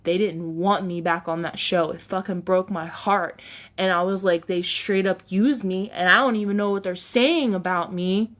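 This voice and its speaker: A woman's voice: fairly low pitch, steady tone, normal speed, a bit bright. A woman hosting a livestream, chatting casually with her viewers and often breaking into laughter. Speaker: livestream host.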